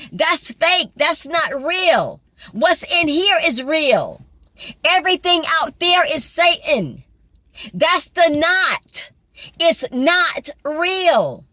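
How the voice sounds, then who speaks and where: A woman's voice: very high-pitched, pushed and bright, no echo. A woman giving an informal spiritual sermon, emphatic, repeating phrases and asking rhetorical questions. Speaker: spiritual preacher.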